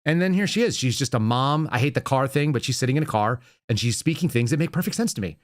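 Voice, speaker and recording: A man's voice: medium pitch, lively intonation, fast. A man hosting a podcast, giving casual political commentary in a conversational way, with fillers and self-corrections. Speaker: podcast host.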